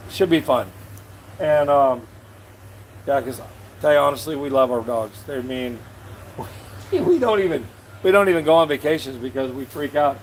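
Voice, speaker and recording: A man's voice: medium pitch, normal speed, long pauses, a little hiss or hum, rough recording. A man talking casually to his viewers at home, rambling and chatting to his dogs as he goes. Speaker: vlogger. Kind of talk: casual vlog chat. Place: home in the Philippines.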